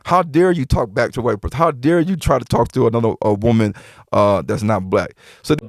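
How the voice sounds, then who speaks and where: Brisk and medium-pitched with vocal fry, this man guests on a podcast recorded in clean studio sound with no room ambience. He narrates conversationally and emphatically, quoting people heavily and repeating himself as he recounts what was said.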